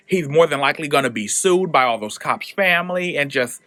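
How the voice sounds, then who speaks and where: A man retells a comic book story in a casual, slangy, joking style. His voice is animated and lively with a slightly raised pitch, and the recording sounds close and dry. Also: brisk, no echo.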